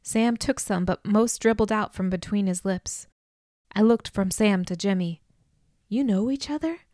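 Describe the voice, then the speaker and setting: A woman narrating an audiobook in a measured, expressive way, on a close studio mic. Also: mid-range voice, no room sound.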